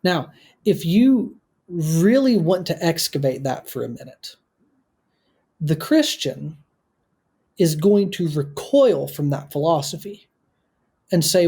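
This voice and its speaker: A man appearing as a podcast guest, talking through a film in an articulate, analytical and measured way. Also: on the high side, very animated, dark tone, husky. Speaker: guest film critic and author.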